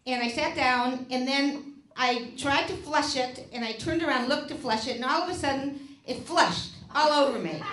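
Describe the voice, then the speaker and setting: Older lady doing stand-up, high voice, rambly self-deprecating story, faint hiss in a roomy theater. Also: a bit bright. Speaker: stand-up comedian. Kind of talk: stand-up routine. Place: small theater stage. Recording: echoey theater room, faint noise.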